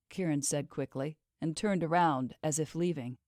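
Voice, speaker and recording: A woman narrates an audiobook in a steady, measured way. Her voice sits a little low. The sound is dry and close. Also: no echo.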